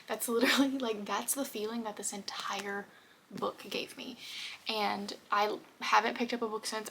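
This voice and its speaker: A woman's voice: medium pitch, gravelly, fairly bright tone, slight background noise. A young woman talking casually in a reading vlog, emotional and often dropping to a whisper. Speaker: book vlogger.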